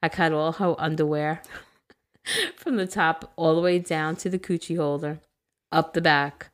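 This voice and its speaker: Low-voiced woman reading a story aloud. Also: unhurried. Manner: animated, laughing, crude humor. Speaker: podcast co-host reading listener stories. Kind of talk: casual storytelling read-aloud.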